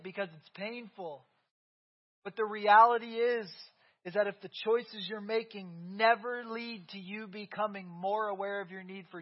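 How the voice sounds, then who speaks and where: A man in his thirties preaching a sermon in a church, talking conversationally and often checking in with "right?". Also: high voice. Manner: conversational, keeps asking "right?". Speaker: pastor. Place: church sanctuary. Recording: dull lo-fi sermon recording.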